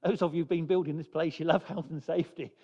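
High-voiced preacher, slow dramatic emphasis. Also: male voice, fairly even intonation, big-room sound, lo-fi sound. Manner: dramatic, with slow emphatic pauses and sudden soft drops. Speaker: pastor. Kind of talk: sermon.

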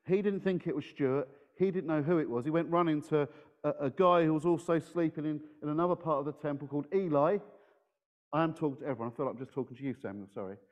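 Man, children's talk at church, slightly high voice, playful questions, echoey hall, muffled sound. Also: quick pace. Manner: playful, engages the audience with questions. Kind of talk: lively talk to children in a service. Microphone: handheld microphone.

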